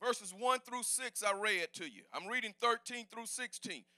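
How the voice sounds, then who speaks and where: Shouting, high-voiced, bright male preacher. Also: normal speed, no echo, clean studio sound. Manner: preaching with call-and-response, rising to shouts. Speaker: pastor. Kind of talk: sermon. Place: church sanctuary.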